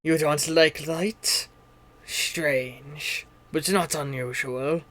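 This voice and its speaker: Man playing a slow, murmuring dark-realm overlord. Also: fairly high pitch, steady tone. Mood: menacing. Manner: slow, murmuring, squinting menace. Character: sinister male ruler of a dark realm, suspicious.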